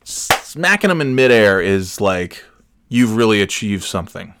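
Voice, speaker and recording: A man's voice: lowish voice, big pitch swings, moderate pace, background noise. A man in his forties hosting a solo comedy podcast, rambling from one tangent to the next, cursing and restarting his sentences. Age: 40s. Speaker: podcast host.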